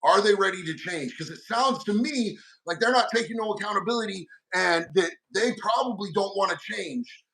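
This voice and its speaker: A middle-aged man with a fairly high voice hosts a laid-back livestream, reading viewer comments and answering in slang. He keeps calling people homie and dog. He sits back from a mic set some way off. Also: normal speed, gravelly, hardly any pauses, sharp tone. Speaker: livestream host. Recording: mic set far from the speaker.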